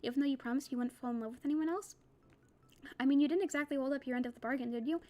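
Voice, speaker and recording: Jealousy, a needling personified emotion, voiced by a woman reading aloud, pushes questions in a high, mock-sweet voice. She speaks rapidly and a little louder than the narration. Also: lightly acted.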